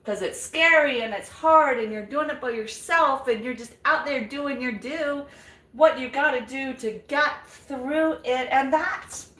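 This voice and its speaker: An older woman hosts a live vlog from her home kitchen, chatting and encouraging viewers while she cooks. Her voice sits high and a bit bright, at a measured pace, recorded far from the mic in an echoey room.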